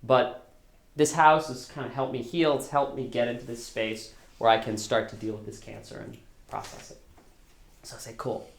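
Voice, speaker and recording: A man's voice: medium pitch, level tone, normal speed. Guy telling a story at a live show, laid back, pokes fun at himself, echoey room. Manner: casual, self-deprecating, quotes others in dialogue. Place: small live storytelling venue.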